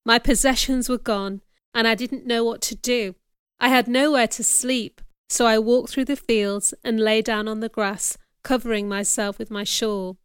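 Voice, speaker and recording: A woman narrating a story in the first person, reading in a clear, measured way. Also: fairly high pitch, steady tone, dry recording, clean studio sound. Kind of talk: scripted audiobook narration.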